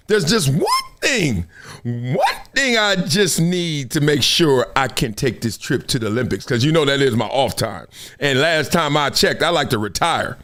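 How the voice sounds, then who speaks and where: A man hosting a live sports talk show, telling stories with lots of laughter and acting out the people he quotes. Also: sits high. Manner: animated storytelling, acts out quoted voices; laughs often between remarks. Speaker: show host.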